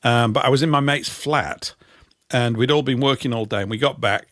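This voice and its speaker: A man's voice: medium pitch, moderate pace, a bit bright, no room sound. A man in his fifties with a Yorkshire accent, co-hosting a casual radio chat and telling rambling anecdotes with dry, self-mocking humour. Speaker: co-host.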